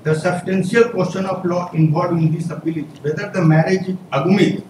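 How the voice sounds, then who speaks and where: A man's voice: high-pitched, fairly even intonation, a little fast. A male advocate, arguing an appeal formally in a courtroom and repeatedly saying "my lord". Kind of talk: courtroom argument. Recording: echoey courtroom audio from far off with noise.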